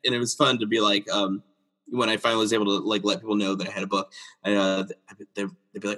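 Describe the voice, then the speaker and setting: A man in his thirties, a children's book illustrator, chatting as an interview guest and acting out quotes in a high voice with frequent laughs. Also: quick pace. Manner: animated storyteller, acts out quotes in a high voice, laughs often. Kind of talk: casual interview chat.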